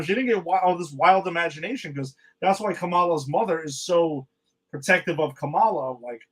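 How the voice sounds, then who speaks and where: A man with a slightly high voice talks through the latest TV episodes with his co-host. He rambles, restarts his sentences and retells scenes by quoting the characters. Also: moderate pace, fairly bright tone, rough recording. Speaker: podcast co-host. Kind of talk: casual chat recapping TV episodes.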